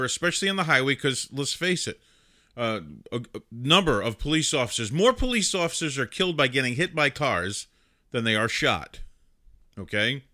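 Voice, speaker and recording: A man's voice: mid-range voice, pushed and bright. A man hosting a livestream, commenting casually on news clips in a chatty way with plenty of fillers and restarts. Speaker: livestream host.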